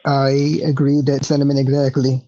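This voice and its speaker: A woman's voice: rumbling low, completely flat delivery, normal speed, mellow. A woman co-hosting a podcast, chiming in casually with short agreements and the odd swear. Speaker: podcast co-host. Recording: dull lo-fi podcast audio.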